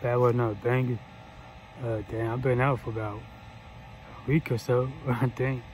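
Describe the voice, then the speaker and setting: A man's voice: mid-range voice, level tone, measured pace, darkish tone, slight background noise, rough recording. A man hosting a casual reaction vlog, laid-back and slangy, laughing often. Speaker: reaction channel host.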